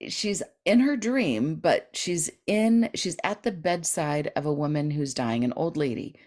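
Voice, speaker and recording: A middle-aged woman tells a long story as a podcast guest, with a fairly low voice. She acts out the people in it with sudden leaps in pitch. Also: a little slow. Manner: animated, acts out quoted voices with big pitch jumps. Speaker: guest author and dream expert.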